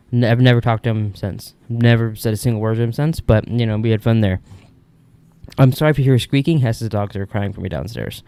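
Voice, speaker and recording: A man's voice: on the low side, warm tone, smooth, no room sound. A young man hosting a podcast, telling stories in a casual, rambling, candid way from an upstairs room at home. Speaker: podcast host. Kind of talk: casual solo monologue.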